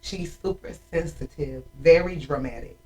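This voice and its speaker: A woman in her forties hosting a casual chat, telling animated, emotional stories about her family. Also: sits low, normal speed, distant mic, poor audio. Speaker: host.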